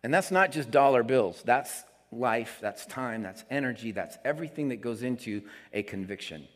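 A man's voice: mid-range voice, expressive, normal speed. Man preaching with hall reverb. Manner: conversational preaching, swings between soft asides and emphatic lines. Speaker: pastor. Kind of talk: sermon. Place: church sanctuary.

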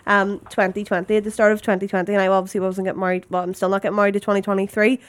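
A woman's voice: medium pitch, level tone, racing, dry recording. A young woman with a Northern Irish accent, co-hosting a podcast in casual chat and telling stories packed with "like". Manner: chatty storytelling, full of "like". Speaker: podcast co-host.

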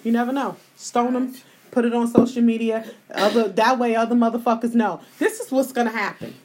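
A woman's voice: on the high side, steady tone, fairly quick, noisy background. A woman hosting a live podcast, venting her opinions bluntly and with a lot of profanity. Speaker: podcast host.

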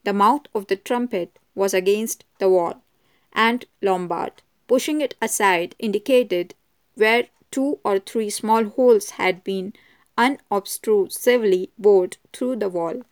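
A woman narrating a mystery novel as an audiobook in a measured, even manner. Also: medium pitch, smooth. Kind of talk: audiobook reading.

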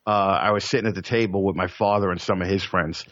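A man's voice: deep voice, steady tone, fast talker, a bit bright, dry recording, highs cut off. A man telling stories in casual chat, profane and rambling, with stammered restarts.

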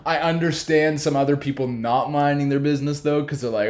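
A man's voice: fairly high pitch, fairly even intonation, a little fast, few pauses. Young man, casual rambling storyteller, filler-heavy, echoey room sound. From New Brunswick, Canada.

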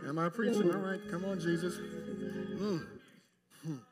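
A male pastor with a voice that sits high preaches a sermon to a live church congregation while music plays in the background. He speaks emphatically, leaves long pauses, and addresses the pews directly.

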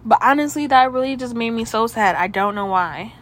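A woman's voice: on the high side, lively intonation, fairly quick, fairly bright tone. A young woman with a stuffy nose hosting her own podcast, rambling in casual chat full of "like" and swearing. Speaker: podcast host.

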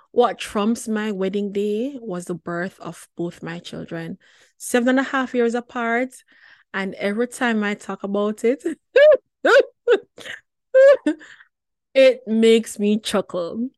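A woman in her forties tells a personal story with lively energy. She laughs often and repeats words for emphasis. Her mid-pitched voice sounds close and dry, with no room echo. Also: a little slow. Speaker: wellness show host.

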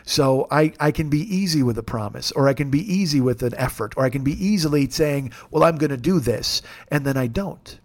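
A man's voice: medium pitch, lively intonation, brisk, few pauses, a little mellow. A middle-aged man talking in a candid, profane, self-deprecating way, rambling and restarting as he hosts a confessional podcast monologue. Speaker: podcast host.

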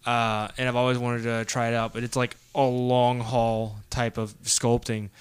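A young man co-hosts a podcast, chatting casually and rambling with plenty of fillers and restarts. His mid-range voice is clear and resonant, delivered flatly at normal speed with no echo.

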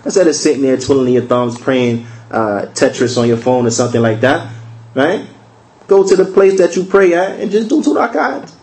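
A man giving a recorded religious lesson in a conversational way. He repeats key phrases, asks rhetorical questions, and slows down to spell out verses. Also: medium pitch, lively intonation, darkish tone, poor audio. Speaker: religious teacher.

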